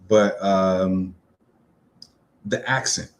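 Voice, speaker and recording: Easygoing New man, low voice. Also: a little slow, darkish tone. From New York City. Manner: loose and rambling, many fillers. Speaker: pop-culture vlogger. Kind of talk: casual solo video talk.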